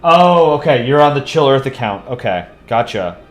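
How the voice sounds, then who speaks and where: A laid-back young man talks casually on a live drawing stream, his voice sitting at an ordinary middle pitch. He rambles easily between remarks to his chat and his work. Faint music plays quietly behind him. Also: normal speed. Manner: relaxed, chatty, answers chat while drawing.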